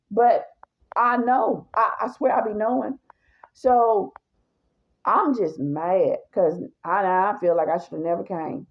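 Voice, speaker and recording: A woman telling a personal story in a blunt, animated, casual way, talking straight to her viewers. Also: medium pitch, muffled recording.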